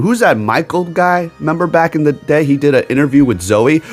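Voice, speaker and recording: Speaking a little fast and barely pausing, the gaming YouTuber uses a mid-range male voice against faint background music. He rambles emphatically through a casual rant, tossing in sarcastic asides and a recurring "okay?".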